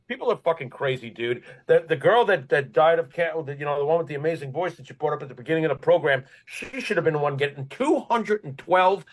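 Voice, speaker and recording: A man co-hosting a casual talk show, blunt and sarcastic, who swears freely and tells stories in an animated way. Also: on the high side, quick pace, hardly any pauses, low-quality recording. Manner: animated when telling a story. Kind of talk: casual conversational storytelling.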